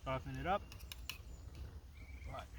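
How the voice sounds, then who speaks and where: A man's voice: mid-range voice, slow, noisy background. A man vlogging outdoors by a waterfall in a forest, talking to viewers casually and with enthusiasm, calling them folks. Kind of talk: casual nature vlog, talking to camera. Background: running water.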